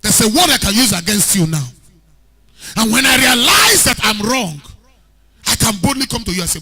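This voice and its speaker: A man preaching an animated sermon as a pastor, rising to shouts at times. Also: very high-pitched, normal speed, long pauses. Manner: animated preaching, shouting at peaks, mixing in Pidgin.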